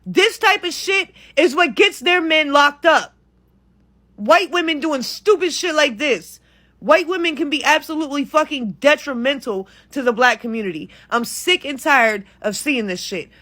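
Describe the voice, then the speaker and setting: A woman with a high, bright, piercing voice delivers an exasperated reaction rant. She swears freely and keeps the heat up from line to line. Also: expressive, normal speed. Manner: profane, exasperated, heated. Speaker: content creator. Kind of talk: ranting reaction commentary.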